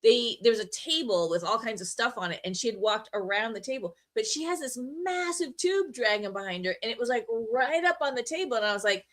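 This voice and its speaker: A woman's voice: on the high side, fairly quick, hardly any pauses. A woman co-hosting a casual podcast chat, telling anecdotes and acting out her own reactions. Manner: animated storyteller, acts out her own reactions. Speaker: podcast co-host.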